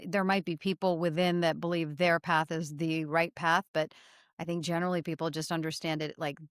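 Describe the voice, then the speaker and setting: A woman on a casual panel speaks bluntly and to the point. Her voice is somewhat low. The sound is dry and close-miked. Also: level tone, fairly quick, clear, resonant tone, no room sound.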